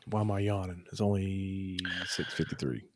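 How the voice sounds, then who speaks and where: A man's voice: low-pitched, normal speed, darkish tone, a little hiss or hum. A man in his thirties co-hosting a podcast, telling loose, profane, rambling stories in casual chat. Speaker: podcast co-host.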